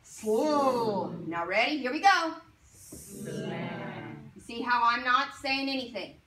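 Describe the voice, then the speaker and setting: A woman teaching a phonics lesson to young children, sounding out words slowly and asking coaxing questions. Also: high-pitched, very animated. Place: classroom. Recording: roomy classroom from far off, faint noise.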